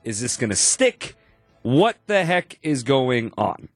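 A man hosting a sports talk show, stuffed up from allergies, talking in an animated and emphatic way that repeats points for stress. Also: medium pitch, slow, dry recording, soft background music. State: congested from allergies. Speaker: podcast host.

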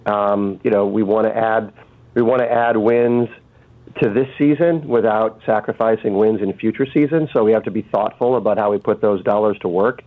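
Man, phone-line guest, low voice, tinny phone audio, halting with restarts. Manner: halting, many fillers and restarts. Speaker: radio show guest, team chairman. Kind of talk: phone-in radio interview.

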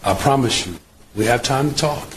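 Man at a press conference, measured, insistent, holds the floor, faint background hiss. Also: medium pitch, low-quality recording. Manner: measured, cuts in to hold the floor.

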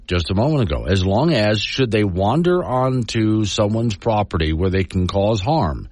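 Low-voiced man with lively talk-radio delivery. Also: moderate pace, husky, dry recording, studio quality. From Wyoming. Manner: folksy, argumentative, reads news quotes aloud. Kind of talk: opinionated talk radio commentary.

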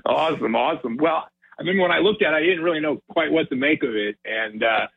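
Animated man on a tinny phone line. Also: on the high side, fast, gravelly, husky. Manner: animated storyteller, acts out quotes. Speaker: tackle company marketing manager, guest. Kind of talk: phone-in radio interview.

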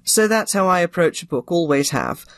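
An older woman who narrates audiobooks answers an interviewer's questions. She speaks with crisp, theatrical phrasing. The recording is dry, with no room sound. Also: fairly low pitch, sing-song, normal speed, no echo.

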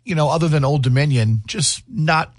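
A man's voice: on the high side, normal speed, dry recording, studio quality. A middle-aged man, co-hosting a morning radio show and telling stories in casual banter. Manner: chatty storyteller, animated, laughs easily.

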